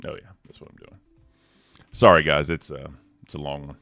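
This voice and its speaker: A man hosting a casual livestream, laid-back and slangy, giving hype shout-outs to the community. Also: a bass voice, flat delivery, normal speed, dry recording, faint music behind. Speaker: host.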